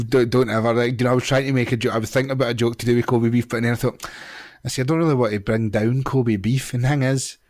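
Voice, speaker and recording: A Scottish man chats loosely on a podcast, rambling, laughing and swearing casually. His voice sits at an ordinary middle pitch. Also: fairly even intonation, fast, darkish tone. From Scotland. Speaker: podcast co-host. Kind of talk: casual comedic podcast chat.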